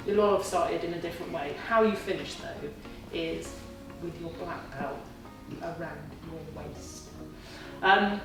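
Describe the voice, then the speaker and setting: She's in her forties, a kickboxing student telling her class the story of her gradings while playing out her inner voice and what her family said. Her voice is medium in pitch and fairly bright, recorded from a distance in a very echoey space with faint ambience.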